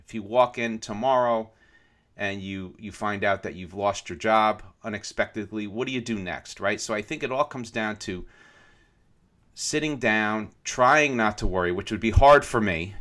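A man's voice: on the low side, a bit bright. A man co-hosting a podcast, talking things through casually and often checking in with "right?". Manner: thoughtful, keeps asking "right?". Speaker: podcast co-host.

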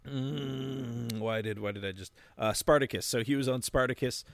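A man co-hosting a casual podcast chat, hesitant, with many pauses and restarts, sometimes laughing. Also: mid-range voice, gravelly, dry recording. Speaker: podcast co-host.

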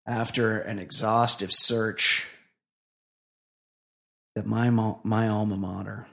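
A co-host in a relaxed comedy podcast, mid-pitched and easygoing, trading dry jokes and wandering through stories with plenty of restarts. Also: slow pace, creaky. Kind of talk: casual comedy podcast chat.

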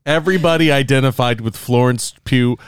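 A man chatting casually as a podcast co-host, with a smooth, clear voice in a dry, close room. He talks with animation and slips into higher voices to act out movie lines. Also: fairly quick, dry recording. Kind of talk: casual chat.

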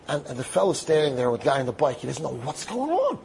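A man telling a dramatic story aloud, acting out the quotes with lively animation. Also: fairly high pitch, fast, creaky, a little hiss or hum.

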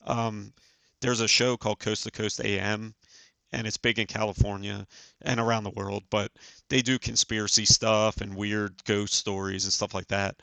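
A man in his forties, a podcast guest, telling a personal story in an earnest, halting way with many fillers. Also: on the low side, little pitch movement, vocal fry, sharp tone, no echo. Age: 40s. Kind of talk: casual storytelling.

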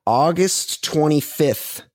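A man's voice: on the high side, expressive, slow, darkish tone, dry recording, studio quality. A man co-hosting a comedy podcast, riffing with wry, casual banter. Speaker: podcast co-host.

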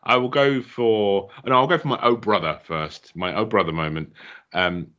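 This relaxed podcast co-host has a fairly low voice, normal speed, and a pushed, bright quality. He laughs often while casually discussing a wrestling show, and the dull lo-fi mic flattens the sound.

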